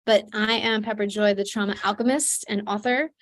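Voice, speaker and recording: A woman's voice: medium pitch, fairly even intonation, fairly quick. A woman presenting an online seminar as a trauma coach, speaking earnestly with fillers and restarts, through a computer mic.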